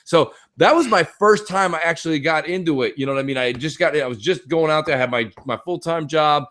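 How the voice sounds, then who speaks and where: A young man from the United States co-hosting a gaming podcast, rattling through his stories at a quick clip. His voice sits a bit high for a man, and he acts out his friends' shouts and swears freely. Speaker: podcast co-host. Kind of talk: casual gaming podcast chat.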